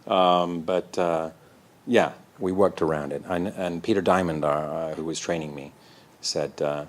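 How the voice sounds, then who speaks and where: A man, a guest in an interview, telling animated, self-deprecating stories and acting out the voices. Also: low voice, unhurried, few pauses. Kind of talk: anecdotal storytelling in an interview.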